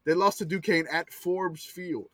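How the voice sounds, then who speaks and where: A man hosting a podcast in casual chat, animated as he reels off old sports records and comments on them. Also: high-pitched, a little slow, no room sound. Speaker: podcast host.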